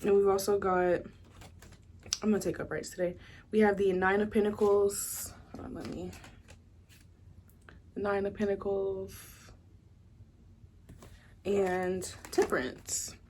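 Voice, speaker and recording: A woman's voice: medium pitch, level tone, slow, pauses often, darkish tone, a little hiss or hum. Chatty young woman reading tarot. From Southern United States. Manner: chatty, rambling, full of "like" and "you know". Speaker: tarot reader. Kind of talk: casual pick-a-card tarot reading.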